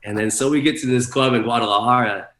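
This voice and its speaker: A man's voice: mid-range voice, fairly even intonation, fast talker, a bit bright, reverberant. A man, a guest DJ, telling rambling, profane stories in a casual chat, full of fillers.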